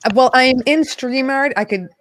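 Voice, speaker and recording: A woman's voice: high-pitched, a little fast, a bit bright, a little hiss or hum. A woman hosting a casual livestream chat, talking loosely, trailing off and laughing often. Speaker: livestream host.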